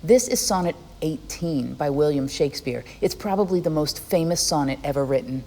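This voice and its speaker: A woman teacher narrating a scripted poetry lesson, explaining clearly in a friendly way. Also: low voice, animated, moderate pace, dark tone, big-room sound. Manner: clear, friendly explaining, reads rhythm examples aloud.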